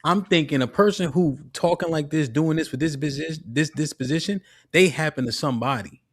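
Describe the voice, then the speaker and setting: A man's voice: on the high side, fairly quick. A man on a live panel who asks questions in a casual, conversational way. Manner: casual, questioning, agrees often. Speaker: panelist. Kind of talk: panel discussion on a live stream.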